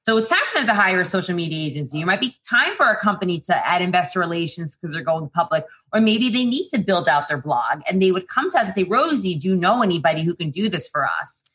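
A woman who founded a PR agency, talking casually and quickly in an interview, with lots of fillers and restarts. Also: lowish voice, very animated, fairly bright tone.

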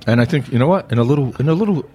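A man's voice: medium pitch, animated, rapid-fire, warm tone, husky. A man co-hosting a podcast, joking around in casual banter. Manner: jovial, joking. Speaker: podcast co-host.

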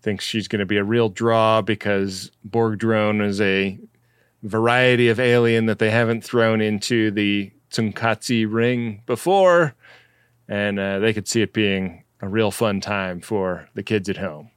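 A man's voice: lowish voice, steady tone, unhurried, smooth, no room sound, clean studio sound. A man co-hosting a podcast, casually summarizing the plot and laughing often. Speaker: podcast co-host. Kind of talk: casual chat.

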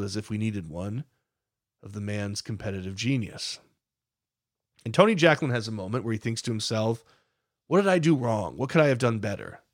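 A man's voice: medium pitch, dry recording, clean studio sound. A man narrating a podcast, telling the story with emphatic, dramatic builds.

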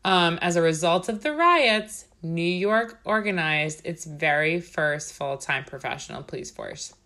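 A chatty woman co-hosting a podcast, her voice on the lower side and bright. She talks loosely, swears freely and laughs through her stories. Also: expressive, unhurried. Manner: chatty, swearing, laughs often, mimics movie lines. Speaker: podcast co-host. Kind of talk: casual chat.

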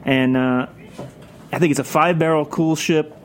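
A man's voice: fairly high pitch, steady tone, moderate pace, a little hiss or hum. A man in a radio studio, rambling through anecdotes in casual chat and laughing often. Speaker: podcast host and guest.

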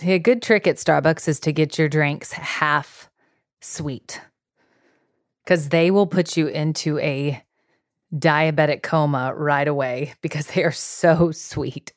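A woman's voice: sits low, fairly even intonation, slow, dry recording. A woman from Florida hosting a casual roundtable podcast, joking in a dry way. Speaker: podcast host.

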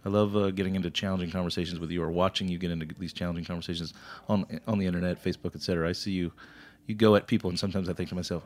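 A man hosting a casual podcast interview, prompting his guest quickly with friendly short replies. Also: low-pitched, steady tone, darkish tone. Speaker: podcast host.

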